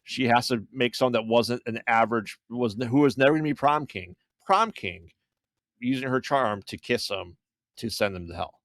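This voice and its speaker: A man's voice: medium pitch, normal speed, a bit bright, no echo, studio quality. A man co-hosting a podcast, chatting casually about movies, laughing often and chiming in with short agreeing replies. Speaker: podcast co-host. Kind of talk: casual film review chat.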